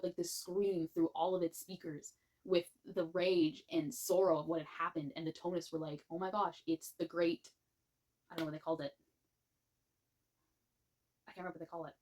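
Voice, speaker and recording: A woman talks through a book review in a gushing, animated way. Her voice sits a little low, and she rambles and restarts her sentences as she goes. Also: fairly quick. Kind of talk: casual spoken book review.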